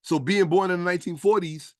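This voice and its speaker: A man's voice: high voice, steady tone, a little fast, dry recording, clean studio sound. A man lecturing in a casual stream, emphatic and profane, firing rhetorical questions at his listeners. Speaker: streamer and history commentator.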